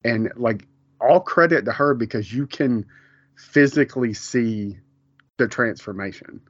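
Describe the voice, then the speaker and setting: A man co-hosts a casual podcast chat about a TV show, rambling, restarting often and laughing a lot. His mid-range voice is unhurried and a bit bright. The recording is dry, with dull, lo-fi home podcast sound.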